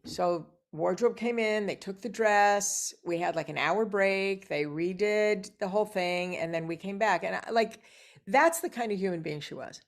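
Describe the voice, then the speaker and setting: A middle-aged actress telling lively anecdotes as a guest, acting out the dialogue she quotes. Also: medium pitch, moderate pace. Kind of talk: casual interview storytelling.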